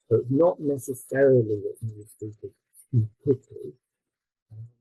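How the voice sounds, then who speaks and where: A man presenting his textbook at a conference, explaining with fillers and quick self-corrections. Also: mid-range voice, husky, no room sound, narrow, tinny audio.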